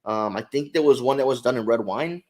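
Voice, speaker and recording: A man co-hosting a podcast in a casual chat, low-key, mostly adding short remarks. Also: fairly quick, a crowd in the background. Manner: brief interjections, low-key. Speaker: podcast co-host.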